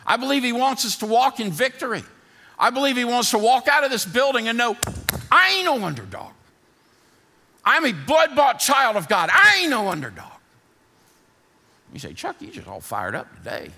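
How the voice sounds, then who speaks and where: A man preaching from a church stage, his voice gravelly with a bright, forceful edge. He swings between hard-driving shouts and a hushed prayer tone. The sanctuary adds a long reverb, and soft music plays faintly behind him. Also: very high-pitched, huge pitch swings, moderate pace, long pauses. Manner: builds to fired-up shouting, then softer prayer. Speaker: pastor. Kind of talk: sermon.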